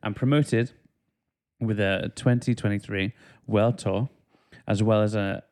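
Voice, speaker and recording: Low gravelly man hosting a casual chat. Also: steady tone, a little slow, darkish tone. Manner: reads facts aloud, laughs at clumsy wording. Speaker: podcast host.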